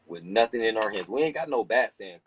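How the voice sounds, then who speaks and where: A man hosting a heated casual discussion, animated and profane, preaching and acting out other people. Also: fairly low pitch, a little fast, lo-fi sound, slight background noise.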